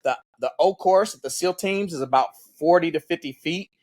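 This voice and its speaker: A man speaking a little higher than most, a podcast guest trading blunt, profane anecdotes. He laughs often and slips into quoting others mid-story. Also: normal speed, a little mellow. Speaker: podcast guest, former Navy SEAL. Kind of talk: casual conversational chat.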